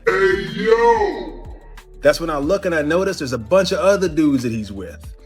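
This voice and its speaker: A man from Cincinnati, Ohio, telling a comedic bar story in an animated way and acting out the voices of others. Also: on the high side, brisk, soft background music.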